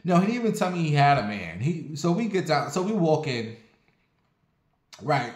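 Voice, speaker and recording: A man casually telling a personal story on his vlog, animated and profane, with sassy asides. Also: a little high, normal speed, reverberant.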